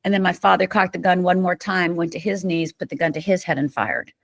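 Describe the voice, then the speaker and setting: Middle-aged woman guest from Michigan, vivid storyteller, lowish voice, dry close mic. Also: fairly quick, creaky, no echo. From Upper Michigan, USA. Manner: vivid, emphatic storyteller who acts out quoted lines. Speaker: podcast guest. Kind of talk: storytelling in an interview.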